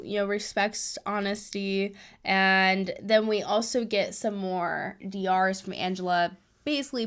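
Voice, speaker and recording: A woman hosting a casual recap of a reality show, retelling events in a chatty, animated way with lots of fillers. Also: medium pitch, smooth.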